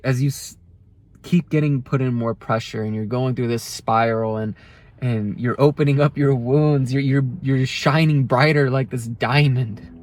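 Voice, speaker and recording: A man speaking earnestly to camera in a heartfelt motivational monologue, often restarting his sentences. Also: mid-range voice. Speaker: self-help video creator.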